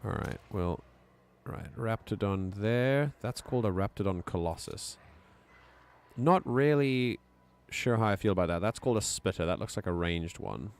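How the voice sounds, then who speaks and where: A man with a South African accent giving casual, excitable commentary while streaming a video game. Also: on the low side, moderate pace, vocal fry. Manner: excitable, chatty, laughs often.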